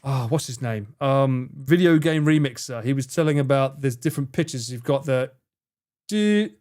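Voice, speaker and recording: A man's voice: mid-range voice, moderate pace, darkish tone. A man streaming live, chatting casually with his viewers, swearing freely and laughing a lot as he answers chat.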